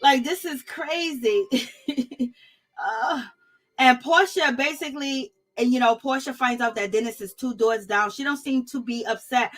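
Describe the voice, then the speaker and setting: High-voiced woman gossiping, laughing often. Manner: animated, gossipy, laughs often, African American Vernacular phrasing. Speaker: reality TV reviewer and channel host. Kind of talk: casual commentary, live-chat shoutouts.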